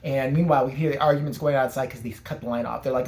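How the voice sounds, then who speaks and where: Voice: mid-range voice, steady tone, rapid-fire, a little mellow, slight background noise. A vlogger ranting and telling a story casually, sarcastic and full of profanity.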